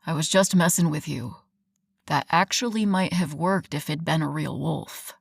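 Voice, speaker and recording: A woman voicing a teasing, protective young werewolf man in a low, rough, playful way, in an audiobook. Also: moderate pace, no echo, clean studio sound, full character voice. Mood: teasing advice.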